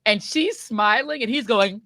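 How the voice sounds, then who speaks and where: A woman's voice: a little high, unhurried, sharp tone, no room sound. A middle-aged woman hosting a podcast, telling a story casually and animatedly, often laughing and acting out voices. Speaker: podcast host.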